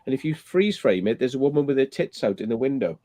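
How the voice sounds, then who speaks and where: A man's voice: medium pitch, sing-song, fast talker, mellow, no echo. A man hosting a loose late-night stream, telling rambling, crude anecdotes and swearing freely. His voice sits mid-range and sounds close and dry, with no room around it. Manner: rambling, profane storytelling with frequent laughs. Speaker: livestream host. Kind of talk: casual late-night chat.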